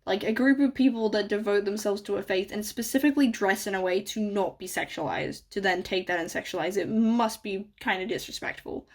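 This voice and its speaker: A woman's voice: mid-range voice, a little fast, hardly any pauses. A woman giving a casual commentary on game character designs as a video host, rambling, filling her speech with "like" and "um", correcting herself and chuckling now and then. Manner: rambling, full of "like" and "um" fillers, self-correcting.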